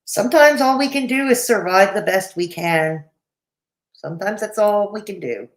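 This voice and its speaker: A woman's voice: medium pitch, lively intonation, moderate pace. Woman host, casual reaction chat, blunt, dismissive, echoey room. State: has the hiccups. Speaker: commentary channel host.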